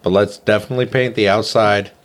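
A man's voice: fairly low pitch, fairly even intonation, fast talker. A man playing a tabletop game, brash and cocky with some swearing. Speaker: player. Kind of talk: in-character tabletop play.

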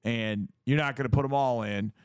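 A middle-aged man co-hosting a sports talk show, making his case in a lively, casual way, often acting out what others would say. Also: medium pitch, normal speed, smooth, no room sound. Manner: animated, acts out quoted voices, repeats words.

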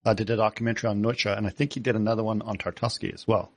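A man's voice: on the low side, steady tone, rapid-fire, creaky, dry recording. A man hosting a movie review podcast, speaking casually and hesitantly with many uhs. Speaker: podcast host.

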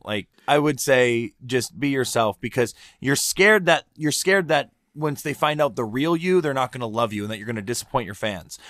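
A man's voice: mid-range voice, fairly bright tone, dry recording, clean studio sound. Earnest male podcast co-host. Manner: earnest and emotional, rising when moved. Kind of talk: casual chat.

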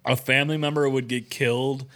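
A man's voice: medium pitch, level tone, a little fast, fairly bright tone. Swearing young man chatting on a podcast. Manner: loose, swearing, filler-heavy. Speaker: podcast co-host. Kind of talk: profane casual chat.

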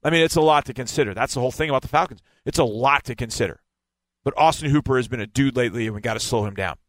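A man's voice: medium pitch, racing, a bit bright, dry recording. A man giving a casual football breakdown, explaining and stressing key words again and again. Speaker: football analyst.

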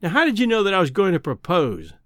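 A man's voice: high voice, huge pitch swings, quick pace, fairly bright tone, dry recording, clean studio sound, heavily acted. A man reading a novel aloud, voicing an earnest, impulsive young man pleading his love.

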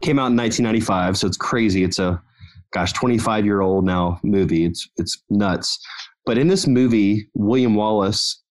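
A man with a fairly low voice speaks as a podcast guest. He talks in a relaxed, conversational way and tells his stories with energy, building to motivational points. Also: normal speed. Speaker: guest, company founder.

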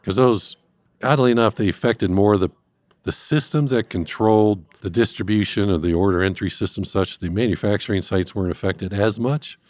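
Deep-voiced man explaining calmly. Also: no room sound. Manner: measured, explains step by step. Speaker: industrial cybersecurity guest expert. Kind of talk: explanatory interview talk.

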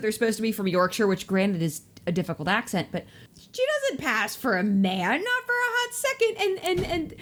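Woman co-host, casual recap chat; bright-pitched, very animated, joking. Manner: animated, quick to joke and laugh. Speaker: podcast co-host.

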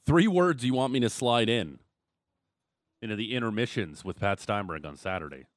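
A man's voice: on the low side, expressive, normal speed, no room sound, clean studio sound. Joking man hosting sports radio. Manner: joking, reads texts and ad reads. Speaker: radio sports show host. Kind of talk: casual radio banter. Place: radio studio.

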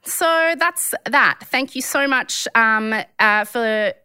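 A woman co-hosting a podcast in casual chat, animated and quick to laugh in disbelief. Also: fairly high pitch, clear, resonant tone, no echo. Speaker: podcast co-host.

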